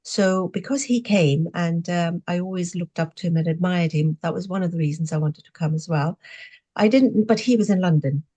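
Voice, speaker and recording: Woman, sixties, from Zimbabwe, slightly low voice, reflective storyteller, frequent fillers, podcast guest. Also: moderate pace, mellow. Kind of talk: storytelling interview answers.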